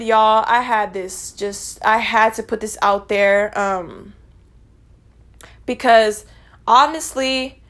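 A young woman talks straight to her listeners in a casual solo podcast. Her voice sits a little high, and she speaks bluntly and with feeling, swearing freely as she goes. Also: a bit bright. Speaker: podcast host. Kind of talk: casual personal podcast monologue.

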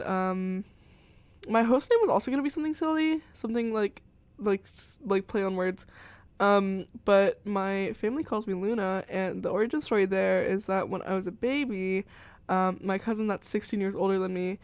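A woman's voice: medium pitch, darkish tone, clean tone, no room sound. Young female college radio host, mid-range voice, loose chatty rambling with lots of fillers, close dry studio sound. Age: young adult. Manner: rambling, filler-heavy, giggly. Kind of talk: casual chat.

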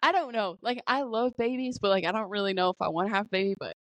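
A woman's voice: medium pitch, fast talker, dry recording. A young woman co-hosting a podcast, chatting casually, hedging a lot and swearing offhandedly. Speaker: podcast co-host. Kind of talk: casual chat.

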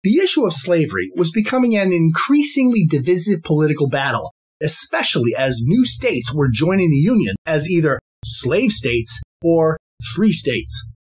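Husky-voiced man with a lively, emphatic delivery. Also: on the high side. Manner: deliberate, emphatic, formal. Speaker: podcast host. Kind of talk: scripted podcast monologue.

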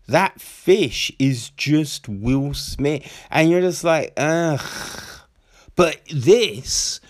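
Man, film review vlog, slow delivery, swears a lot, excitable, lots of fillers. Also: medium pitch. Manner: profane, rambling, excitable, many fillers. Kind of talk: casual spoken film review.

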